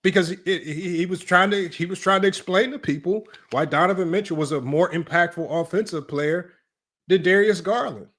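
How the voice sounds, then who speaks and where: A man's voice: sits high, moderate pace, a bit bright. Emphatic man hosting a sports stream. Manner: emphatic, repeats "right?" and "y'all". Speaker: sports channel host. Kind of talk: livestream sports talk.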